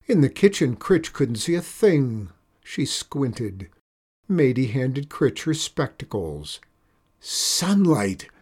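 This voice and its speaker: Guy reading a kids story out loud, slow n lively, kinda breathy. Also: medium pitch. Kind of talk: reading a children's story aloud.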